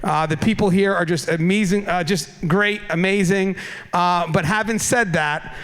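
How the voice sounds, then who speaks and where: Male keynote speaker, high voice, casual swearing storyteller on a conference stage mic. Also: normal speed. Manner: animated, casual storyteller who swears and laughs at his own story. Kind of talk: humorous travel anecdote in a keynote speech. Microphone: stage microphone.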